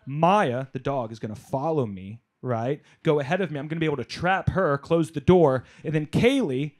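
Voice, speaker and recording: A man doing a stand-up comedy set on a club stage, telling animated stories, working the crowd and shouting some punchlines. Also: fairly high pitch, normal speed.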